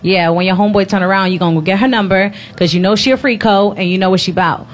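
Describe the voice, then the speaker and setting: A woman in her thirties talks frankly in a relaxed chat, stressing her points and swearing easily. Her voice has a middle pitch for a woman, with faint noise underneath. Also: fast. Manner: frank, emphatic and profane. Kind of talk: casual chat.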